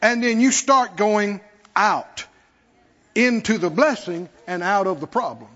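In a church sanctuary, a high-pitched man delivers a sermon at an unhurried pace, his tone slightly bright. He addresses the congregation directly and mimics anxious believers with mockery. The lo-fi recording sounds dull and carries long hall reverb.

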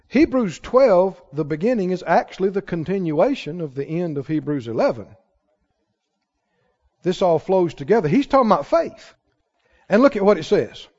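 A man preaching a sermon to a congregation, calling out questions and rising to shouts. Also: sits high. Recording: dull hall recording with long reverb.

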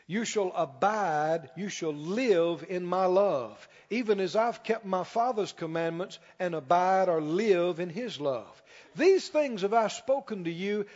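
A man preaching a sermon as pastor, emphatic, slowing down and rising on key lines. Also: high-pitched, darkish tone. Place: church sanctuary. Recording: dull sound with long hall reverb.

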